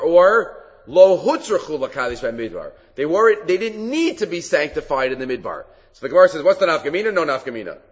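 A man giving a Talmud class lecture, animated and often halting to restart his phrases. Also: a little high, breathy edge. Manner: animated, acts out quoted rabbis in a raised voice; halting, with many fillers and restarts. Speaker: Talmud teacher. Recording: reverberant hall, dull lo-fi sound.

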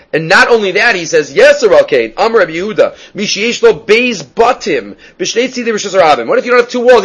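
A man's voice: high voice, a bit bright, slightly rough. A man giving a Talmud class, reading Hebrew and Aramaic phrases and explaining them step by step. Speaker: Talmud teacher.

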